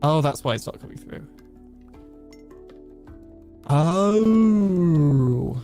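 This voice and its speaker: A man's voice: a little high, expressive, brisk, soft background music. A man chatting casually on a livestream while fixing things and reading chat. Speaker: streamer.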